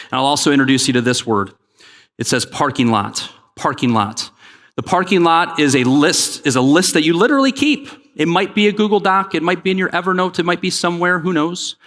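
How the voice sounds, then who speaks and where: A man delivering a keynote to a conference crowd, lively and joking as he urges people to make noise. His voice sits a bit high for a man, and long reverb from the big hall trails each phrase. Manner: energetic, joking, pushes the crowd to respond. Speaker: keynote speaker.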